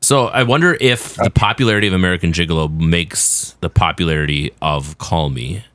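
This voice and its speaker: Deep-voiced musing podcast man. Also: brisk, fairly bright tone, clear, resonant tone, dry recording. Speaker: podcast co-host. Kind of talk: casual film chat.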